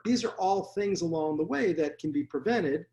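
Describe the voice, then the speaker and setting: Male dentist guest, blunt and animated storyteller, slightly high pitch. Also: normal speed, slight background noise. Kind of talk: casual interview storytelling.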